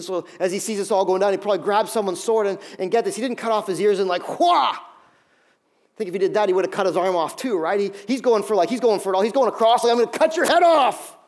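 Man, pastor, middle-aged, high-pitched, animated sermon, quick acted-out voices. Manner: acts out scenes with quick put-on voices.

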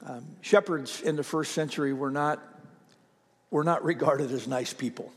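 A man preaching a sermon as pastor, telling a story conversationally with frequent fillers and pauses. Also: on the high side, husky, long reverb tail.

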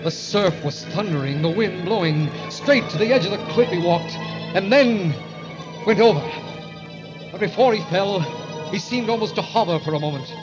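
A man's voice: high voice, expressive, moderate pace. A man narrating and acting in an old radio drama, tense and fearful. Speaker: narrator and lead character. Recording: dull old radio play recording with music.

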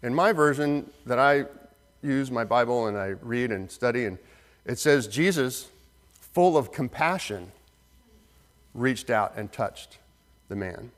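A man preaching a sermon as pastor, earnest, slowing down for emphasis and acting out the voices in the story. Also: medium pitch, lively intonation. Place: church sanctuary. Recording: long reverb of a hall.

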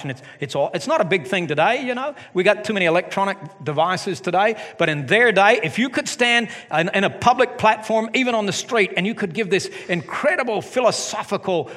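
A middle-aged man preaching a sermon as pastor of his church, animated with joking asides. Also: high-pitched, fairly quick, hardly any pauses. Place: church sanctuary. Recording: long hall reverb.

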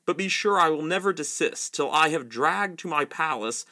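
A man's voice: on the high side, expressive, normal speed, pushed and bright. A man voicing an arrogant, furious young prince who shrieks and rants while reading a novel aloud. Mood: raging. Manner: shrieking, ranting.

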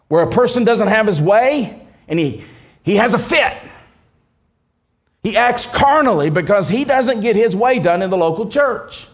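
A man preaching a sermon, leaning on key words slowly and restarting phrases as he explains. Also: high-pitched, animated. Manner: preaching with slow emphatic stresses and restarts. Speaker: pastor.

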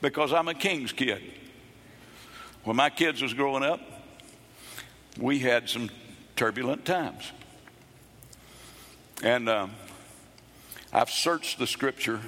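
Emphatic preacher in a reverberant hall. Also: male voice, medium pitch. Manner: emphatic preaching, repeats phrases, bursts into shouts. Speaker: pastor. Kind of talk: sermon. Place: church.

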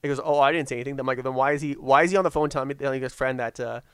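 A man's voice: medium pitch, steady tone, smooth, no echo. A man telling a story in casual chat, stumbling and restarting his sentences often. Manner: halting, repetitive storyteller with many restarts.

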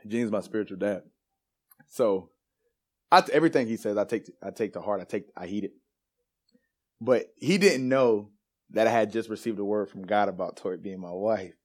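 A man delivers a sermon in a church, his voice sitting a little low. He tells a personal story in a loose, animated way, laughing and dropping casual slang, then moves into scripture. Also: moderate pace, pauses often. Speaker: preacher. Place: church sanctuary.

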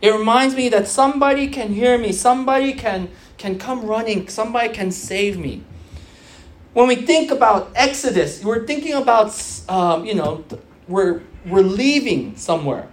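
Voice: mid-range voice, expressive, moderate pace. A preacher of Korean background giving an earnest sermon to young churchgoers, repeating phrases for emphasis and restarting often with fillers.

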